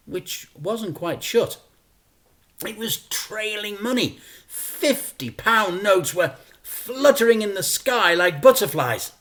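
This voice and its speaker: A male teacher reading a children's story aloud in a playful, expressive way. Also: high voice.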